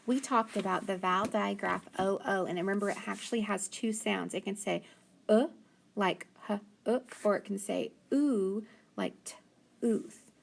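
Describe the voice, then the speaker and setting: Teaching phonics to little kids, a woman speaks at medium pitch with fairly even intonation. She pronounces letters slowly and clearly and gives plenty of praise.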